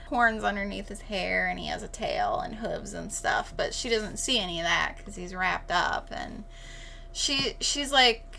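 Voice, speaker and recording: Lively, bright-voiced woman. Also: on the high side, gravelly, a little hiss or hum. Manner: animated, swears, acts out quotes. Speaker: podcast co-host. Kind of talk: casual chat.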